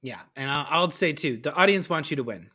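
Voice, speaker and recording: A man hosting a casual live-stream conversation, telling stories with a lively comic delivery. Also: on the high side, brisk, husky. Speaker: host.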